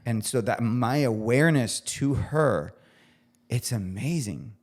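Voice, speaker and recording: Speaking slowly but animatedly in a mid-range voice, the forty-something chef reflects earnestly as a podcast guest. He frequently starts his sentences over while hunting for the right words.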